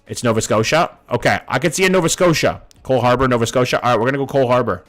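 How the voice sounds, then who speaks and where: A Vancouver streamer in his thirties talks very fast in a mid-range, fairly bright voice. He reads chat and swears casually while guessing locations, giving live-stream commentary.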